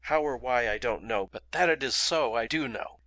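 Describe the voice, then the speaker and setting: Man reading forceful commanding hero, urgent orders, bright tense tone. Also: lowish voice, normal speed, dry recording. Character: forceful commanding man protecting his sister.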